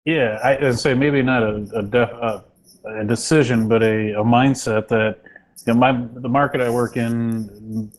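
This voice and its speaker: A man working as a real estate agent, answering a panel question in a measured, reflective way with frequent restarts. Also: mid-range voice, steady tone, poor audio. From small rural county.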